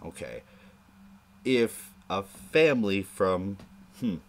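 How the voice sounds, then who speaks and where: A man's voice: lowish voice, lively intonation, slow. A man hosting a live stream, rambling casually in a crude, joking way. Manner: rambling and crude, prone to chuckling asides.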